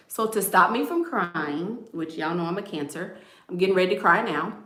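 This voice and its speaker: A woman's voice: medium pitch, normal speed, sharp tone, echoey room. A woman chatting casually to her viewers in a playful, talkative way, calling them y'all. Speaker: vlogger. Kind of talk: casual chat.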